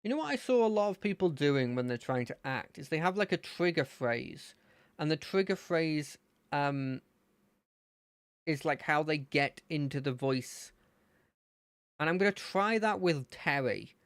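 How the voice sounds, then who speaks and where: A gaming streamer giving relaxed, chatty commentary while playing, thinking aloud. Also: medium pitch, a little slow, clean tone, no room sound, clean studio sound. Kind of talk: casual let's-play commentary.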